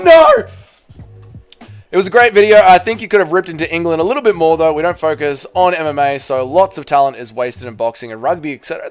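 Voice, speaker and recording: A young Australian man with an Australian accent hosting a live stream, reading chat messages aloud and answering with blunt, jokey, foul-mouthed banter. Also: fairly high pitch. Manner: blunt, jokey, swears freely, calls people mate and brother.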